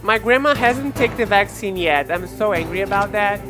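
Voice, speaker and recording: A woman's voice: medium pitch, animated, normal speed, over music. Chatty young woman streaming a game. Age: 20s. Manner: chatty, rambling, stumbling restarts. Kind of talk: casual gameplay livestream chat.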